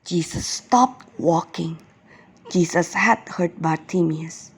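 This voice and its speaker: A woman kindergarten teacher telling a Bible story to young children in an expressive, slow storytelling way. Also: lowish voice, breathy edge.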